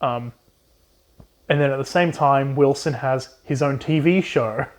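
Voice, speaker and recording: A young man co-hosting a casual book recap, swearing freely and quickly acting out the characters in put-on voices. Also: mid-range voice. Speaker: podcast co-host.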